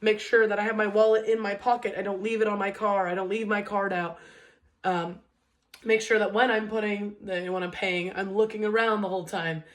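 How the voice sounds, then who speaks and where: A woman's voice: mid-range voice, fairly even intonation. A woman in her twenties giving a casual motivational talk, conversational, often checking in with "okay?" and "right?" and restarting her sentences. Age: 20s. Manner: restarts sentences and uses many fillers, pace swings between quick and slow. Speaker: educator and motivational speaker.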